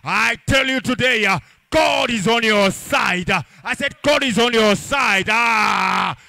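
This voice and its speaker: Male pastor, high bright voice, chanting fervent sermon, dry close sound. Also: takes it slowly, vocal fry, dry recording. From Africa. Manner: fervent preaching with chanted, sung phrases and shouts.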